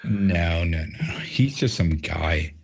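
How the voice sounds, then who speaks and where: A man co-hosting a casual live stream, blunt and teasing, quick to argue a point. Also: low voice, animated, vocal fry, husky. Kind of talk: casual chat.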